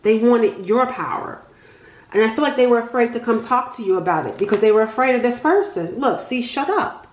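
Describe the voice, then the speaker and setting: A woman giving a casual tarot reading, chatty and excitable, thinking aloud and often laughing. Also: fairly high pitch, brisk. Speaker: tarot reader. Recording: echoey room.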